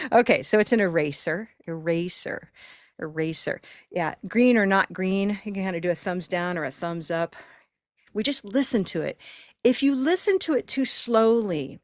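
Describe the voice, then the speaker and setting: A woman leads a live pronunciation class over a video call, cheering her learners on and drawing words out slowly so they can hear each sound. Her voice sits a little low and reaches the mic dry, with almost no room sound. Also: no echo. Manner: encouraging, stretches words slowly to demonstrate sounds. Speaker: pronunciation teacher.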